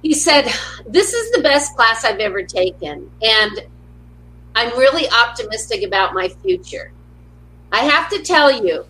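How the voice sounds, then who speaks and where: Bright upbeat woman telling stories. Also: fairly high pitch, big pitch swings, measured pace, a little hiss or hum, low-quality recording. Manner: upbeat storyteller who acts out quotes. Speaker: motivational speaker, guest. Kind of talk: casual interview conversation.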